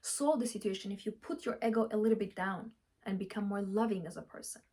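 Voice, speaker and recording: A young woman coaching viewers through a breakup in an expressive, laughing way, acting out her own past thoughts. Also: mid-range voice, fast talker, breathy edge. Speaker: relationship coach. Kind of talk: advice vlog talking to camera.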